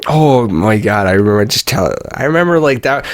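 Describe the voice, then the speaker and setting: A young man chatting on a podcast, relaxed and prone to wandering asides. His voice sits in an ordinary middle range. The sound is dry and close, with no room around it. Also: medium pitch, brisk, no echo. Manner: laid-back, laughs often, rambling asides. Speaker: podcast co-host. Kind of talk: casual chat.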